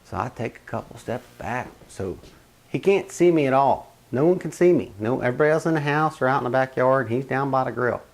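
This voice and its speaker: Animated man telling a family story. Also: fairly quick, gravelly. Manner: animated, with big swings in pitch and loudness. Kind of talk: casual first-person storytelling.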